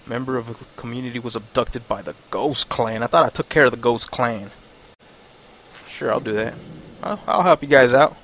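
A man's voice: mid-range voice, normal speed, fairly bright tone, slight background noise. A man giving casual, frustrated commentary over his gameplay, swearing and thinking aloud. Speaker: let's play gamer.

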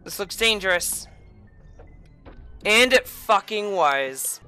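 A young woman giving rage-filled gameplay commentary as a host, swearing and yelling at the game. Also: mid-range voice, lively intonation, slow, faint music behind. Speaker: gaming video host.

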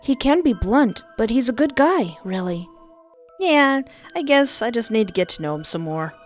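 A woman voicing a timid, easily scared young man for a game playthrough, nervous and soft-spoken. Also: very high voice, very animated, normal speed, faint music behind. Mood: earnest.

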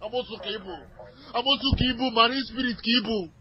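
Agitated Nigerian man shouting on a call. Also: very high voice, fairly quick, a crowd in the background. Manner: agitated, shouting, repeating himself. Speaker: caller. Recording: muffled archival emergency call audio.

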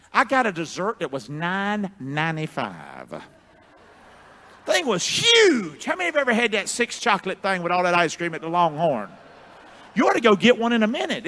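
A man preaching a sermon as pastor, with call-and-response, booming shouts and hushed asides. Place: church sanctuary.

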